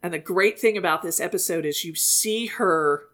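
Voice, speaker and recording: A woman co-hosting a podcast, talking in a chatty, animated way and laughing often. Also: lowish voice, moderate pace. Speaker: podcast co-host. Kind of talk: casual chat.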